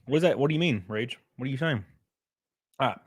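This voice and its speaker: A middle-aged man, hosting a casual livestream, joking loudly and reading out chat messages. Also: mid-range voice, lively intonation, quick pace, husky, dry recording, clean studio sound. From Alabama. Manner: loud, joking, reads chat. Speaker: streamer host. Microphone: headset.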